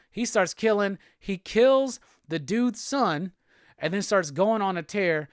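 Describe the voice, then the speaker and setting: Guy hosting a comics podcast, kinda high voice, swears a lot, super dry close sound. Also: measured pace, dry recording. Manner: profane, excitable storytelling. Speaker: podcast host. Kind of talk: casual comic book recap.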